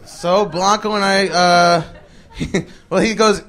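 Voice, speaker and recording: A man's voice: high voice, steady tone, slow, fairly bright tone, a faint crowd. Chatty male comedian telling a story. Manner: chatty, laughing, many fillers. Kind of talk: stand-up storytelling. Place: stage before a live audience. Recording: live recording with audience noise.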